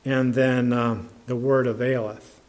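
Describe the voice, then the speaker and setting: A man preaching a sermon in a conversational, halting way, with many restarts and fillers, and reading scripture aloud in older English. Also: medium pitch, level tone, a little mellow.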